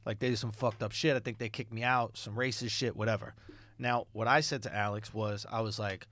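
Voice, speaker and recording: A man in his thirties telling a long story on a podcast, animated and laughing, jumping between low asides and high excited bursts. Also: fairly quick, dry recording. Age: 30s. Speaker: podcast co-host.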